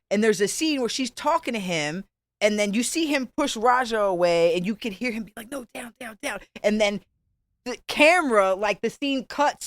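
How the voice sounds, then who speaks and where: A young woman co-hosting a podcast, telling crude jokes in casual, animated chat. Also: mid-range voice, no echo. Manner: crude, joking, animated storytelling. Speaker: podcast co-host.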